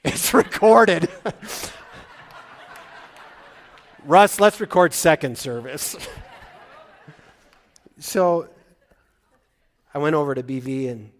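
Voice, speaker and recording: In a mid-range voice, a middle-aged man preaches a sermon as a pastor. His speech swings animatedly between loud excitement and hushed moments where he gets choked up.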